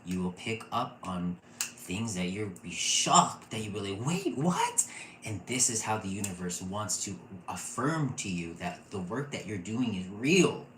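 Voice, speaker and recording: A man in his thirties teaching a casual online intuition class, gushing and excitable and often laughing. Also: on the low side, unhurried. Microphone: computer mic, off camera. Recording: echoey room with faint noise.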